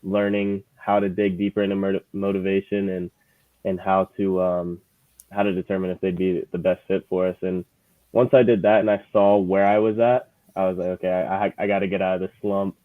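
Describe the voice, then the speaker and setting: Young man, very low flat voice, tinny line. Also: no echo. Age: 20s. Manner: relaxed, halting with fillers. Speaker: lead manager guest. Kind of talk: casual chat. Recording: tinny phone-like call audio.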